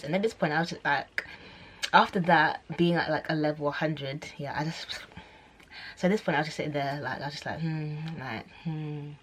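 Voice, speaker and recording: A woman's voice: a little fast, slight background noise. A young woman telling a story to camera in a chatty, rambling way, full of fillers and self-corrections. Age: young adult. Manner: acts out quoted voices with sudden high squeals. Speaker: vlogger.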